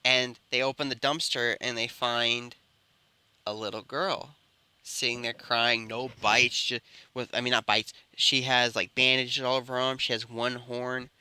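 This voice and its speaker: Bright-voiced man telling a rambling story. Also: mid-range voice, little pitch movement, a little slow, smooth, no room sound. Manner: rambling, with frequent self-corrections. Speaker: storyteller and channel host. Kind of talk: improvised fan-fiction storytelling.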